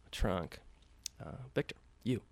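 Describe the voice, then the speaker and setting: A man's voice: a little slow, no room sound. A man telling a story casually, with loose profane talk and many fillers, acting out the quoted lines lightly.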